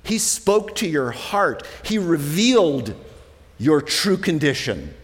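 Pastor preaching in a reverberant hall. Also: male voice, fairly high pitch, big pitch swings, slow. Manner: conversational preaching, swings between soft and emphatic. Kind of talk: sermon.

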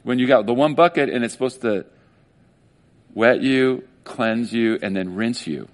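A male pastor preaching a casual sermon, animated and conversational, often acting out little quoted voices. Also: medium pitch, unhurried.

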